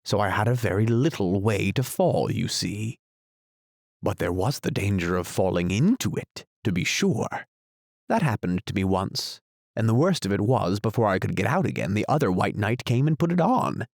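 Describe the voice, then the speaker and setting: A man's voice: on the low side, sing-song, creaky, darkish tone, no room sound, studio quality, heavily acted. A man doing a grave, muddled knight inventor. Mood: grave, musing. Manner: grave, slow, musing. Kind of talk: audiobook character voice.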